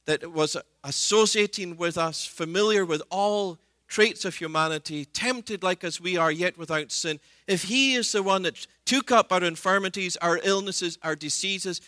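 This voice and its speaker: A man preaching a sermon with a bright, forceful voice pitched a little high. He talks in an earnest way, retelling scripture scenes and acting out the people in them. The sound is dry and close. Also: moderate pace, few pauses, dry recording.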